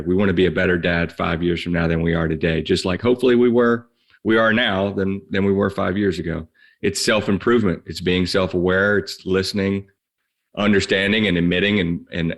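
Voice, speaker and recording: Deep-voiced encouraging man. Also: a bit bright. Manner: affirming, encouraging, quick agreement. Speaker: podcast co-host. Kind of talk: casual faith-based podcast talk.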